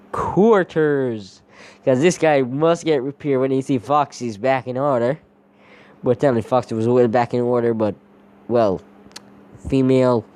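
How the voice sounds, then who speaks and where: Male storyteller, casual and rambling, dark mellow voice. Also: mid-range voice. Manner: rambling, leans heavily on "basically". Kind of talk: casual fan-story narration.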